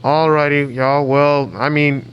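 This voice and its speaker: A man's voice: a little high, flat delivery, measured pace, lo-fi sound, slight background noise. A man hosting a live podcast panel, wrapping up in a laid-back, friendly way. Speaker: podcast host running the panel. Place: convention panel room.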